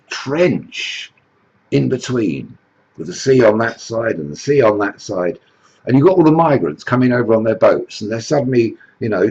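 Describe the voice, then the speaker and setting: A man's voice: deep voice, a little mellow, slightly rough, lo-fi sound. A man telling a satirical comic story in a rambling, chatty way. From England. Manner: rambling, full of "you know" and "like".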